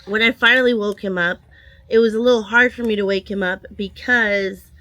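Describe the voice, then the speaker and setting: A woman with a slightly nasal voice from a cold, talking casually as a vlogger and telling a story with many pauses and restarts. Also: medium pitch, steady tone, pushed and bright, no room sound. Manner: hesitant, restarts and trails off. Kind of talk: casual chat.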